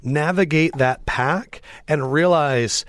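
A man's voice: a little high, a bit bright, dry recording. A man hosting a podcast in a studio, chatting eagerly and chiming in often. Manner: eager, chatty, quick to chime in. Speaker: podcast host. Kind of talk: casual chat.

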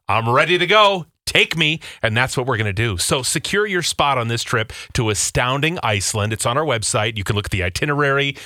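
A man's voice: medium pitch, sharp tone, no room sound, studio quality. A man hosting a radio show, reading an ad and then questioning his co-hosts in casual banter. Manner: leading, asks pointed questions.

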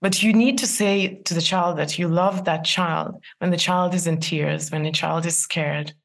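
A woman's voice: on the low side, steady tone, unhurried, creaky. A woman in her forties, a guest in an interview, giving earnest advice with frequent laughs and restarts. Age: 40s. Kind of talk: interview conversation.

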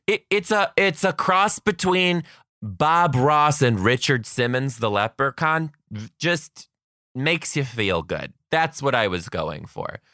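A man's voice: mid-range voice, big pitch swings, slow pace, sharp tone, no echo, clean studio sound. A man in his thirties telling a funny story in a chatty, self-mocking way. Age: 30s. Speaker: podcast host, kindergarten teacher. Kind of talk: casual storytelling.

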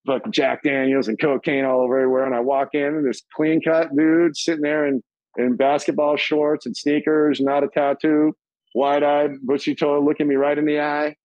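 A middle-aged man telling stories as an interview guest, casual and profane, acting out quoted voices in a higher pitch. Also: darkish tone, no echo, muffled recording.

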